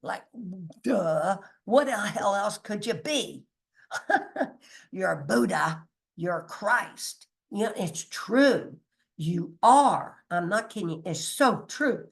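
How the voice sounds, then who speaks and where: This woman's voice is medium-pitched, gravelly and expressive, and she speaks slowly as she gives an informal spiritual teaching. Chatty and emphatic, she laughs frequently, curses mildly, reads from notes, and sometimes loses her place and restarts.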